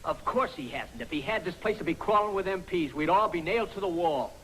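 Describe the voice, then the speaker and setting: An actor playing a nervous army clerk in a 1950s film comedy, anxious and stammering. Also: male voice, sits high, expressive, brisk, fairly bright tone, a little hiss or hum, low-quality recording.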